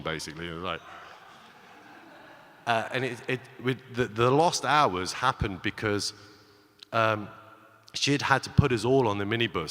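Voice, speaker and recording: A man with a fairly low voice tells a rambling personal story from a conference stage, often stopping to restart his sentences and acting out what people said. His voice carries into a large hall with a long, trailing reverb, picked up by a stage microphone. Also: fairly bright tone. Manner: chatty, with many restarts and acted-out quotes. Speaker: conference speaker.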